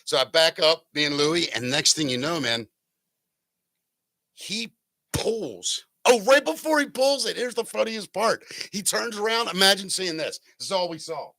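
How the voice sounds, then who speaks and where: A man's voice: high voice, normal speed, pushed and bright, no room sound. A man hosting a casual talk show, telling a rambling, jokey story and correcting himself as he goes. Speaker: podcast host.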